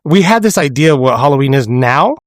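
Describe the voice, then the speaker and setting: A man's voice: mid-range voice, animated, brisk, no room sound. A young man co-hosting a casual comedy podcast, laid-back and dry with crude jokes. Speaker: podcast co-host.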